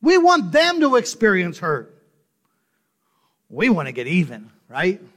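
A male pastor preaching a sermon, emphatic and full of rhetorical questions, dropping to soft low asides and rising to loud stressed points. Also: wildly swooping pitch, a little slow.

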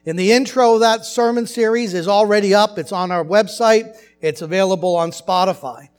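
A male pastor with a fairly high voice preaches from his church, mixing stories and scripture in a conversational way. Faint music sits far behind him. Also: moderate pace, smooth. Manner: conversational storytelling, animated asides. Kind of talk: sermon. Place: church sanctuary.

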